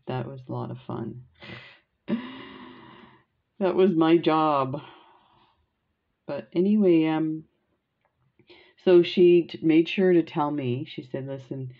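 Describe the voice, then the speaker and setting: A woman's voice: sits low, muffled recording. An older woman telling funny family stories in a chatty, laughing way while doing a beading craft. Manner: chatty, laughing, rambling anecdotes. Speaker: crafting vlogger. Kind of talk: casual storytelling while beading.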